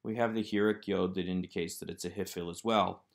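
A man with a somewhat low voice goes through workbook answers like a teacher recording a lesson. He explains each item step by step, calm and methodical, as a voice-over on slides. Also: brisk, gravelly. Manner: methodical, explanatory walkthrough of exercises. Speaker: Hebrew teacher.

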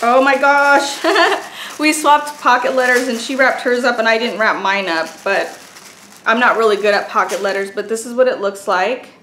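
Woman, fairly high voice, gushing unboxing chat, echoey room. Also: fairly quick, a bit bright. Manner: gushing, exclaims often over each item. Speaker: beauty and craft vlogger. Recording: echoey room with faint noise.

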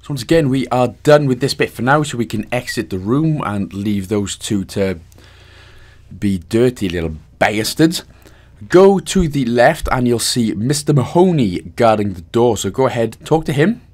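A man's voice: mid-range voice, animated, moderate pace, few pauses, darkish tone. Man, Welsh accent, casual game walkthrough, voice-over, jokey, self-mocking. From Wales.

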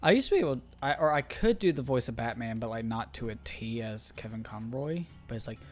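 Brief: male game streamer, lively pitch, loose and rambling. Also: fairly quick. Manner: rambling, many "like" fillers, laughs often. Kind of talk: casual gaming stream chat.

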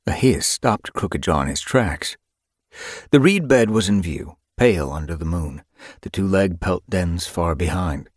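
A man's voice: deep voice, animated, measured pace, slightly rough, no echo, clean studio sound. A man narrating an audiobook in a dramatic, vivid manner.

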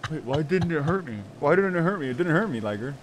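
A young man playing a game with a friend, quick and panicky, prone to outbursts. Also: a little high, animated, heavy background noise. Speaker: gaming partner. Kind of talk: casual gaming chat.

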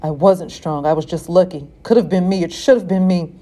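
A woman voicing a traumatized, frightened father who speaks in a shaken, halting way. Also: fairly low pitch, dark tone, close to an everyday voice. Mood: blubbering.

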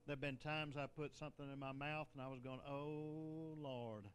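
A man's voice: mid-range voice, little pitch movement, quick pace, fairly bright tone, slight background noise. An older man, a bishop, preaching a sermon in a conversational way, with joking asides and laughter.

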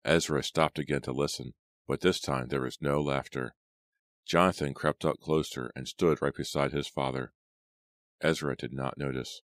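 A man reading a horror audiobook aloud in a dramatic, measured way. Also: a bass voice, fairly even intonation, no room sound. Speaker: audiobook narrator. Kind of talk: scripted narration.

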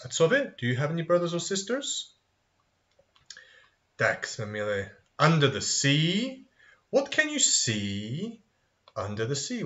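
A man teaching a children's English review lesson, modelling phrases and answering his own questions in a sing-song, animated way. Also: on the high side. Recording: dull lo-fi recording.

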